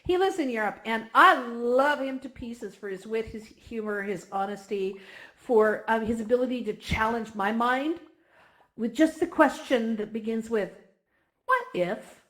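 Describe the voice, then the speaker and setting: A woman's voice: a little high, moderate pace. Emotional woman speaking to a community. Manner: emotional, near tears, effusive and animated. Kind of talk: heartfelt speech at a virtual reality gathering.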